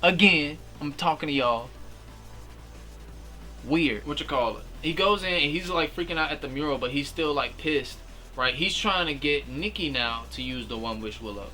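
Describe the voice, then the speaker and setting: A young man giving a casual, slangy movie recap, animated and full of fillers. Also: a little high, moderate pace, soft background music. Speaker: movie reviewer.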